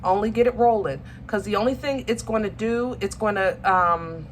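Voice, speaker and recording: At normal speed and in a mid-range voice, a woman casually reads tarot for viewers over slight background noise. She's affectionate and talkative, says baby and y'all, and keeps searching for words with many ums and restarts.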